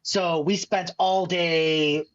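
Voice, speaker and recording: Chicago-area guy on a podcast, kinda high voice, animated storyteller, dull lo-fi sound. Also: very slow. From Chicago area, USA. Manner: animated anecdote-telling, acting out others' lines. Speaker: guest magician.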